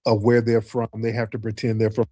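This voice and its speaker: A man's voice: fairly low pitch, completely flat delivery, fairly quick, mellow, no echo, clean studio sound. A male host of a call-in show who argues with a caller in a mocking tone, keeps calling him "sir", and then lectures at length. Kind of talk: live call-in show commentary.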